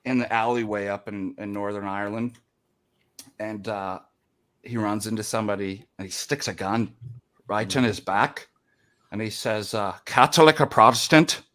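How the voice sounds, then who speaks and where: A man's voice: fairly low pitch, fairly even intonation, moderate pace, long pauses. A man telling jokes and stories in casual group chat. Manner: storytelling, jokey.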